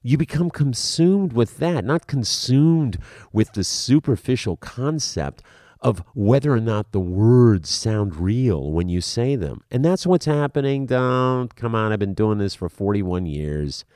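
Man, middle-aged, acting coach, emphatic lecture, animated delivery, dry close sound. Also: mid-range voice, a little slow, no room sound. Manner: emphatic, animated, repeats words when starting phrases. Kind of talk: spoken lecture to the viewer.

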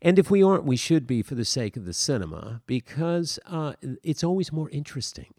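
A man's voice: on the high side, sing-song, a little fast, a little mellow, dry recording, clean studio sound. A man teaching acting in a casual spoken lesson, rambling with many fillers and restarts as he walks through a film scene.

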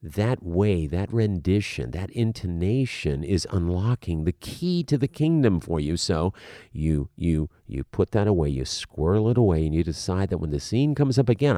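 A middle-aged man lecturing as an acting coach. He is emphatic and animated, and he often repeats a word as he starts a phrase. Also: sits low, moderate pace, no room sound, studio quality. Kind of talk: spoken lecture to the viewer.

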